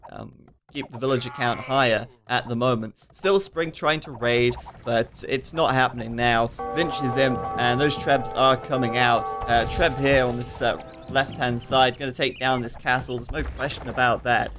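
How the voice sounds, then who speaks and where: This is a man casting a strategy game match live, in a relaxed and chatty manner. His pitch sits at an ordinary middle level, and he breaks off now and then to read out viewer questions. Quick asides and fillers run through his talk. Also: music in the background. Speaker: esports commentator.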